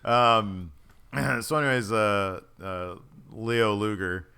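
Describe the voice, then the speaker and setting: A man's voice: lowish voice, slow pace, bright, forceful tone, smooth. A man co-hosting a podcast, chatting casually in a jokey, profane way and laughing often. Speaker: podcast co-host. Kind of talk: casual chat.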